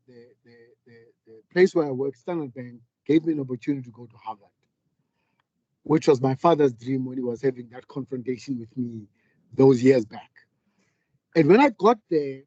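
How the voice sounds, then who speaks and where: This middle-aged man speaks with a fairly high but mellow, warm voice, telling his story in a candid, earnest way. The sound is dry and close, with a slightly dull, muffled quality. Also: no room sound. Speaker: panel speaker, business leader. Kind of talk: reflective public talk.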